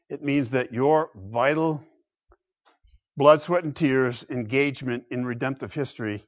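A man preaching a sermon, emphatic, swinging between loud exclamations and quiet low asides. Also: a little slow, muffled recording.

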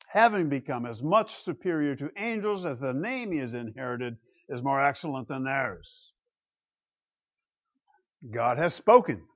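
Conversational pastor preaching a sermon, lo-fi. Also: male voice, fairly high pitch. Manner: conversational, asks the congregation rhetorical questions. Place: church pulpit.

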